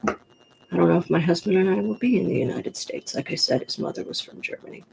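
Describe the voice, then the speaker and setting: A woman from the New York Pocono area with a gruff voice, rambling frankly in a casual monologue to the camera. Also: on the low side, expressive, brisk, a little mellow, a little hiss or hum, rough recording. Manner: chatty, digressive, frank. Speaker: vlogger.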